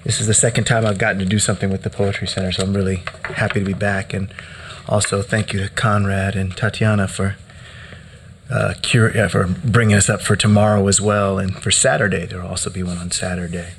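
A man's voice: low-pitched, little pitch movement, brisk, creaky, slight background noise. Chanting, stammering poet, a man. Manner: rhythmic chanting with stuttered repetitions, hushes and sudden shouts. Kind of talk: live poetry reading. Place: hall.

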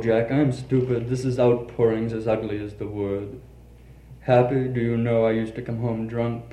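A man's voice: mid-range voice, warm tone, a little hiss or hum. A man giving a poetry reading in an intimate, confessional way. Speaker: poet reading his work. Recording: roomy reverberant recording with faint ambience.

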